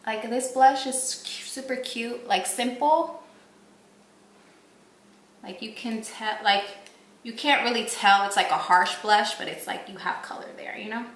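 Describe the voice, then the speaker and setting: Young woman beauty vlogger from Puerto Rico, slightly high, rambling and excitable, casual. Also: measured pace. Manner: gushing, rambling, heavy use of "like". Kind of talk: casual storytelling while doing makeup. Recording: echoey room.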